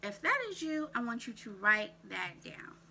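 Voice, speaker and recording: Her voice a little high, sing-song, creaky, pushed and bright, a woman coaches viewers on self-care straight to camera. She fires off quick questions and keeps repeating "write that down," over a faint hiss or hum.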